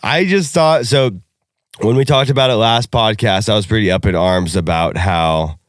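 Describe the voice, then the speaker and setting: A man's voice: lowish voice, moderate pace, no room sound, studio quality. A man co-hosting a podcast in casual chat, brash and joking, swearing freely. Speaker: podcast co-host.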